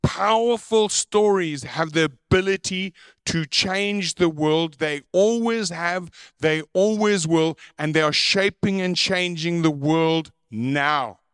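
A middle-aged man preaching a sermon, opening with a slow, measured reading and moving into emphatic preaching. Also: on the high side, a bit bright, smooth, no echo, clean studio sound. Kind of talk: sermon with read-aloud opening.

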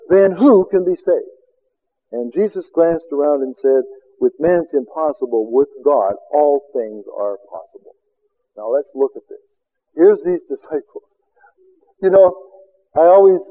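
High-voiced male preacher on tinny audio. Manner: rhetorical questions, swings from loud exclamations to quiet asides. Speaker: preacher and seminar teacher. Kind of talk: sermon.

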